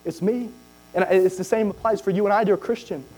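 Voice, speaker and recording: A man's voice: sits high, steady tone, fast talker, a little mellow, low-quality recording. A man, preaching a sermon fervently, repeating lines and quoting old scripture wording. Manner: fervent, repetitive preaching with scripture quoted in King James wording.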